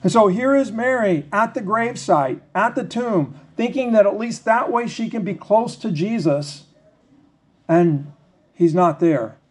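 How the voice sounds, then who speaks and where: A man preaching a sermon, reading scripture slowly and then talking it through in a conversational, questioning way. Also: high voice, lively intonation, slightly rough. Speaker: pastor.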